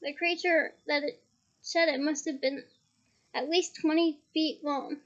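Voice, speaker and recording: A woman reading a novel aloud in a steady storytelling manner with small restarts. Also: sits high, measured pace, highs cut off. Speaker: reader.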